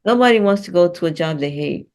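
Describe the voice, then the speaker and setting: Animated, emphatic low-voiced woman. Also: fast talker. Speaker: spiritual healer and host. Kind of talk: casual heartfelt conversation.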